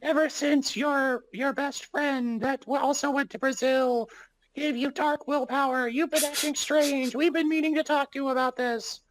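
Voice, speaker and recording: A co-host putting on a very high, shrill voice to lecture someone in an exaggerated way. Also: fairly even intonation, moderate pace, lightly acted, rough recording. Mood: scolding.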